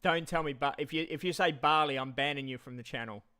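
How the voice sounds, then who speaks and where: A man's voice: a little high, fast, bright, forceful tone, smooth. A man rambling casually on a live stream, repeating himself and talking straight to his chat.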